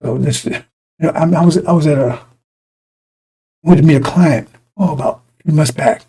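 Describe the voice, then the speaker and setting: A man's voice: fairly high pitch, moderate pace, dark tone, husky, rough recording. A middle-aged man preaching informally to his congregation, blunt and profane, rambling through personal stories with many restarts.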